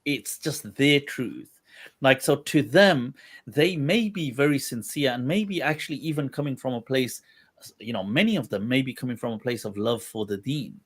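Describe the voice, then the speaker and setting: A man's voice: mid-range voice, animated, normal speed, slightly rough. A man hosting a livestream discussion, thinking aloud in a meandering way, with many restarts. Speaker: Islamic scholar, livestream host.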